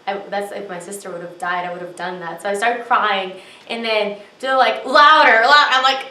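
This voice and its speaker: A woman's voice: medium pitch, steady tone, normal speed, sharp tone. A young woman telling a story about an audition in a casual, chatty way, full of fillers, acting out her own reactions. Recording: roomy, distant mic with faint ambience.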